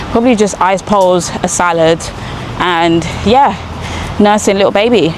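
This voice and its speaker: Walking outdoors along a street for a casual vlog, a young, sleep-deprived new mom animatedly retells a meandering story in a chatty manner. She speaks on the low side, with a little hiss or hum in the recording.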